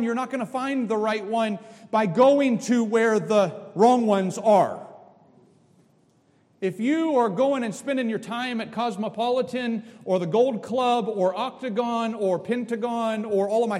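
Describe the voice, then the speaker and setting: A middle-aged male pastor delivering a sermon, emphatic, with sudden swings between loud and soft. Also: extremely high pitch, a little slow. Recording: long reverb of a large hall.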